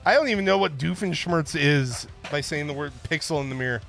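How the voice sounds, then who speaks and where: A man's voice: on the high side, brisk, gravelly, fairly bright tone, faint music behind. A man hosting a livestream, chatting casually and joking with viewers in a rambling way. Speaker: stream host.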